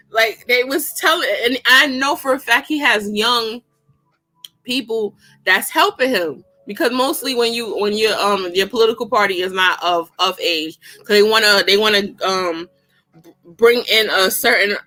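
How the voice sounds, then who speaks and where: Bright-voiced woman, slow animated commentary. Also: mid-range voice, faint music behind. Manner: animated, laughs often, slangy and exclaiming. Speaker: vlogger reviewing a political debate. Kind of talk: casual commentary.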